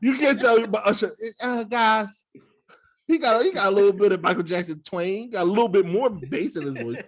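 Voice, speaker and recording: A man co-hosting a podcast in casual banter, laughing often, swearing freely and slipping into quick impressions. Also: high-pitched, animated. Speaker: podcast host.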